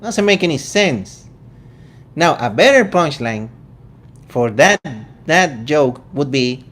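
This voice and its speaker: A Venezuelan man with a Venezuelan accent hosts a casual vegan commentary show, sounding joking and incredulous and tossing in quick asides. His voice is a little high, expressive, and a bit bright.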